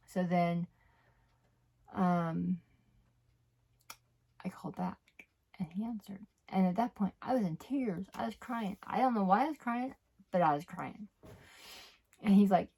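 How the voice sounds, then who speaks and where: Woman, vlogger, low voice, gravelly, candid, rambling, sometimes near a whisper. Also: moderate pace, a little mellow. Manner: candid, rambling, self-correcting, often dropping to a near whisper. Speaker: vlogger sharing her recovery story. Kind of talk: personal storytelling to camera.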